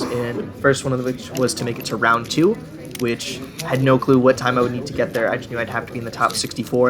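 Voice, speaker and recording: A young man giving casual voice-over commentary, chatty and self-deprecating, often laughing at himself. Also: medium pitch. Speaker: vlogger.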